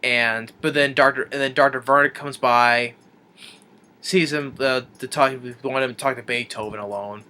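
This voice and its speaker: A man's voice: medium pitch, steady tone, normal speed, bright, forceful tone, clean tone. A man reviewing a film, retelling the plot in a rambling, casual way with many restarts and chuckles.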